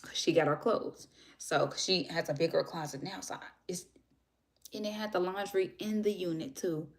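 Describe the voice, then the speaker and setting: A young woman talks to her viewers in a loose, rambling way. Her voice sits a little low for a woman. She jumps between thoughts, restarts, and drops her voice now and then. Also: moderate pace. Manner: chatty, rambling, animated storytelling. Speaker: vlogger. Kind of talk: casual chat to viewers.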